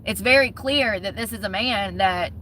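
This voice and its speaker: A woman's voice: mid-range voice, moderate pace, pushed and bright, a little hiss or hum. A woman with a Southern US accent ranting bluntly in a casual vlog, swearing freely. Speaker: vlogger.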